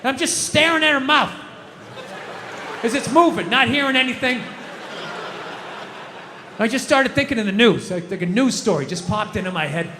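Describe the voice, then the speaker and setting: A man's voice: high voice, sharp tone, slight background noise. A middle-aged man doing a stand-up comedy routine on a stage, ranting in exasperation, swearing and acting out scenes. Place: comedy stage in a large venue. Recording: live hall reverb, faint crowd ambience.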